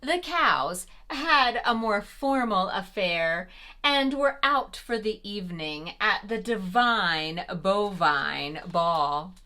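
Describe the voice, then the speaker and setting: A woman reads a picture book aloud to small children in a gentle, encouraging, sing-song way. She takes her time over each line, and her voice rises and falls a lot. Her tone is bright and clear. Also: mid-range voice, animated, slow. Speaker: preschool storyteller host. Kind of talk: read-aloud for preschoolers.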